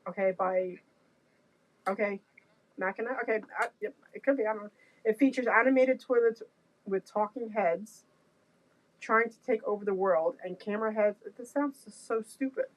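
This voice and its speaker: A woman's voice: mid-range voice, moderate pace, low-quality recording. A woman co-hosting a radio talk show, reading aloud and reacting with amused exclamations. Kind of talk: casual on-air banter and reading aloud.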